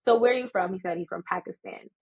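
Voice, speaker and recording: A woman in her thirties from the United States, telling travel stories as a guest in a casual, animated interview and laughing often. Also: lowish voice, quick pace, gravelly, husky, highs cut off. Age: 30s.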